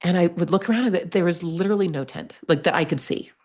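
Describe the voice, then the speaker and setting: A woman telling a personal story as a podcast guest, lively, acting out the voices she quotes. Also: lowish voice, fast. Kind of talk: storytelling in conversation.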